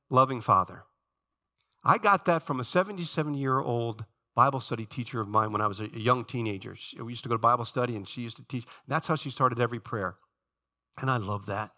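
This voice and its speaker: A middle-aged man preaching a sermon, telling the story with lively energy and dropping low and quiet when he prays. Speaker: pastor.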